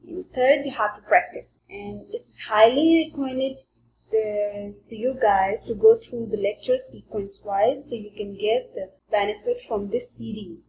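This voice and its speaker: A woman teaching a language lesson, slowly modelling sounds for learners to repeat. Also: mid-range voice, darkish tone. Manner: slow and deliberate, modelling sounds for repetition. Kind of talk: slow spoken language lesson. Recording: echoey room with faint background noise.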